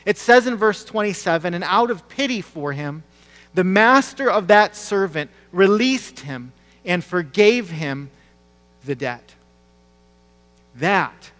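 A man's voice: sits high, lively intonation, a little slow, a bit bright, big-room sound. A man preaching a sermon in a conversational, emphatic way, repeating key phrases and asking the congregation rhetorical questions. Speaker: pastor.

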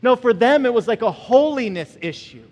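A male pastor preaches in an animated, conversational way, often checking in with his listeners. His voice sits high for a man. The long reverb of a large hall hangs behind it. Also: moderate pace. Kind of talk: sermon.

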